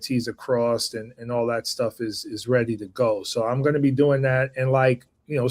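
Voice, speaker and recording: A man hosting a casual chat, relaxed and loose, often restarting his sentences. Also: mid-range voice. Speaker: host.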